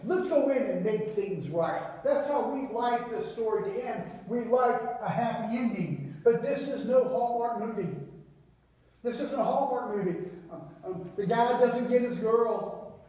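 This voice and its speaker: A man preaching a sermon, telling the story with big swings between loud and hushed delivery. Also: unhurried. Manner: animated storytelling with wide swings in pitch and volume. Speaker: pastor. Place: church sanctuary. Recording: very echoey church hall, mic at a distance.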